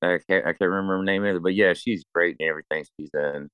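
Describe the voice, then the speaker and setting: A man's voice: deep voice, steady tone, quick pace, fairly bright tone, clean tone, dry recording. A man co-hosting a casual film chat, rambling, swearing freely, and restarting his sentences. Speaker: podcast co-host.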